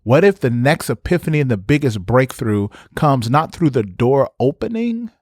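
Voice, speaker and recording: Man pastor, mid-pitched, dry close mic, emphatic and repetitive. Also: big pitch swings, moderate pace, darkish tone, no echo. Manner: emphatic, repetitive, preacherly with conversational asides. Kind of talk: podcast sermon.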